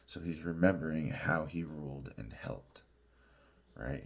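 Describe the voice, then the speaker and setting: Male pastor, very low husky voice, slow, halting Bible teaching with frequent "right?" asides. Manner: halting, many fillers and restarts, asks "right?" and "y'all".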